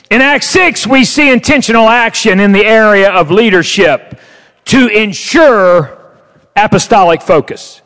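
A man preaching a sermon with emphatic, drawn-out stressed words. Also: sits high, fairly bright tone. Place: church sanctuary. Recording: long hall reverb.

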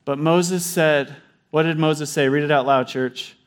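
A man preaching a sermon, animated, acting out God and Moses in quoted voices. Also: on the high side, a little slow, clean tone. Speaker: pastor.

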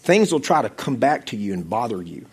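A male pastor preaching a sermon, swinging from loud exhortation to hushed, intense storytelling. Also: medium pitch, very animated, fairly quick, breathy edge.

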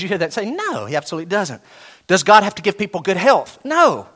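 A man preaching a sermon, animated, with sudden soft drops and slow, emphatic repetition of key phrases. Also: sits high. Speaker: pastor.

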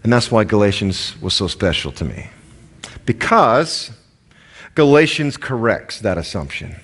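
A man's voice: lowish voice, fairly bright tone. A man with a Southern American accent preaching a sermon in a conversational way, with asides and stories. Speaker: pastor.

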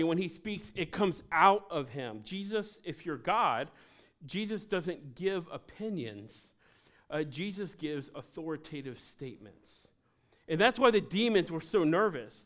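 A male pastor delivering a sermon in a church service, his voice sitting a little high for a man. He talks in an easy conversational way, slipping in quick jokes aimed at the congregation between points. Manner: conversational, with joking asides to the congregation.

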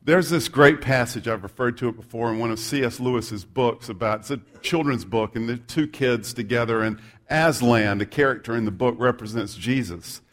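A man's voice: medium pitch, moderate pace, few pauses. A male pastor preaching a sermon, reading scripture aloud and adding humorous, self-deprecating asides.

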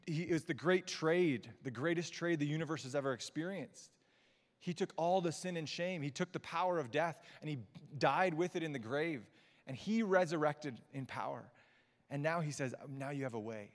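A man preaching a sermon, telling personal stories with light laughs and dropping to quiet, slowed-down quotes. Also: a little high. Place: auditorium or church hall. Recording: long hall reverb from a church.

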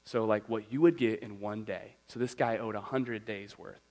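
A man preaching a sermon as a pastor, telling a story in an animated, conversational way. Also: lowish voice, normal speed, creaky, rough recording.

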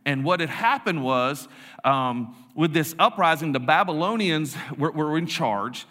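A man's voice: fairly high pitch, animated, unhurried, bright, forceful tone, long reverb tail. A man, a youth pastor telling a funny story in a casual, rambling sermon. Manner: joking, self-deprecating, rambling with restarts.

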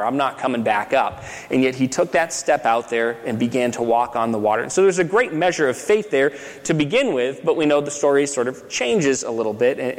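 A pastor with a medium-pitched voice, heard in a large hall, delivers a sermon in a chatty style. He keeps checking in with "right?" and often starts his phrases over.

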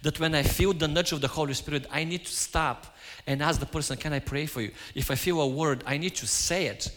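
A man's voice: on the high side, fairly quick, fairly bright tone. A man giving a sermon, telling stories and acting out his own quoted lines. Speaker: preacher. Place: church. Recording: hall reverb.

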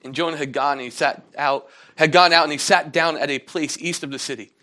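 A man's voice: fairly quick, pushed and bright. A man preaching a sermon in a casual, conversational way, acting out quotes in a raised voice. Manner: conversational preaching, acts out quotes with rising pitch. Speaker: pastor.

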